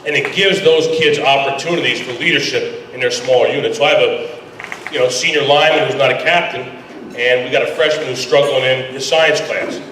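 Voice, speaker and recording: A man, a high school football coach, giving a casual, folksy speech to a booster club. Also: fairly even intonation, brisk, fairly bright tone, slight background noise. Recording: echoey hall, voice from far off.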